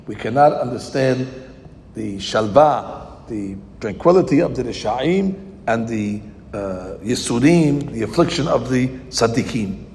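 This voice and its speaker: A man giving a verse-by-verse Torah class, reading Hebrew lines slowly, then translating and explaining them with rhetorical questions. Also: medium pitch, lively intonation, a little mellow, slight background noise. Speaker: Torah teacher. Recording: long hall reverb.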